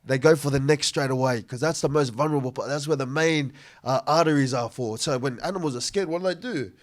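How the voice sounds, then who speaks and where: A man from Sydney, co-hosting a casual podcast and explaining speaking tips with animated examples. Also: medium pitch, quick pace. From Sydney, Australia.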